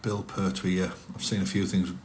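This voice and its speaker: With a low voice that barely moves in pitch, a middle-aged man chats casually at normal speed on his livestream. He rambles while reading and answering the chat, and there's slight background noise.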